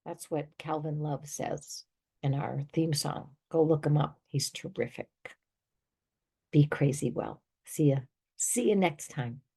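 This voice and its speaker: Husky older woman, emphatic advice. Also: low voice, flat delivery, measured pace, dark tone. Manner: emphatic, conversational, given to little laughs. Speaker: therapist and show host. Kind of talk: direct-to-listener advice monologue.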